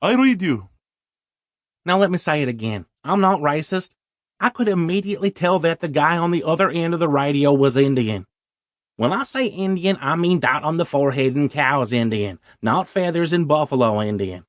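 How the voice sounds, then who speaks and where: A man's voice: a little high, animated, moderate pace, no echo, clean studio sound. A man narrating a first-person audiobook story in a wry, self-deprecating way.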